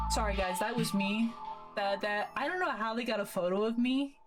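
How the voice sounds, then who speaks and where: A woman's voice: mid-range voice, normal speed, over music. A young woman streaming from her bedroom, chatting casually in a rambling, giggly way and swearing freely. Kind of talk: casual live-stream chat. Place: bedroom at a desk.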